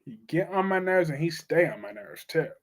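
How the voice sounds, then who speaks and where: A man with a notably high-pitched voice hosts a casual live stream about soap operas, talking from a home setup. He is blunt and chatty and keeps reading out viewer comments between his own opinions. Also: lively intonation, normal speed.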